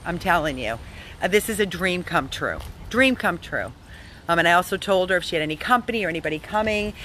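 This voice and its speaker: A woman dog rescuer narrating a vlog outdoors in a yard on a handheld phone camera, enthusiastic and rambling in quick bursts. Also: on the low side, fairly bright tone, slight background noise.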